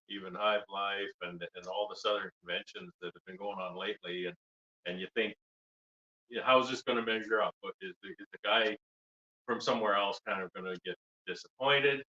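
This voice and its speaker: A man's voice: fairly low pitch, pushed and bright, echoey room, muffled recording. A man hosting a beekeeping live stream from a wood shop, rambling in jokey banter. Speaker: host, beekeeper.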